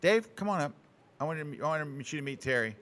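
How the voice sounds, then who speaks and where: A man's voice: fairly high pitch, animated, brisk, a bit bright. A man hosting a casual interview at a photography conference, teasing his guests with playful banter into a handheld mic. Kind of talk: casual convention-floor interview. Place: indoors at a busy photography conference.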